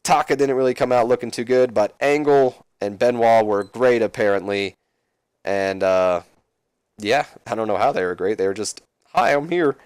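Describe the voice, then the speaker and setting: A man's voice: lowish voice, normal speed, darkish tone, clear, resonant tone, no room sound. A man casually talking through a wrestling management game, chatty with self-mocking asides. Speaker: let's play host.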